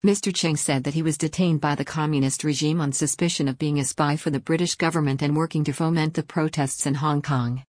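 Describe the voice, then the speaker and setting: A woman narrating a scripted news report in an even, formal read-out manner. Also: low-pitched, fairly quick, few pauses, dry recording, studio quality.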